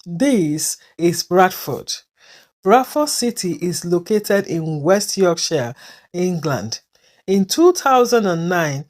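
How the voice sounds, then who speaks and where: A woman hosting a formal online celebration event, announcing each part in a measured, deliberate way. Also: lowish voice, a little mellow, rough recording. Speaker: event host and campaign founder.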